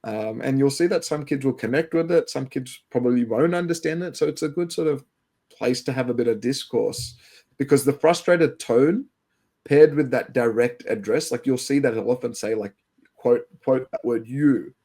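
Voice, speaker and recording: Male co-host, Western Sydney Australian accent, gravelly low-toned voice, loose and rambling. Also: moderate pace, mellow. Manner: rambling, many fillers and restarts. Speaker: English teacher, podcast co-host. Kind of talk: casual educational podcast chat.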